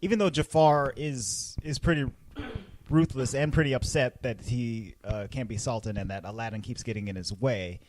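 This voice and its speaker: A young man co-hosting a casual podcast chat, thinking out loud with restarts. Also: mid-range voice, normal speed, a little hiss or hum. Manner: animated, thinks aloud with restarts. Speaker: podcast co-host.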